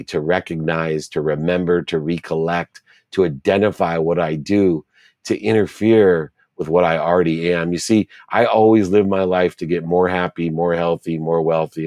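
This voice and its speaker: Middle-aged guy with a really low voice, earnest storytelling, dry close sound. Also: steady tone, moderate pace, darkish tone, no room sound. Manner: earnest, repeats words for emphasis. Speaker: interview guest. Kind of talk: reflective storytelling in an interview.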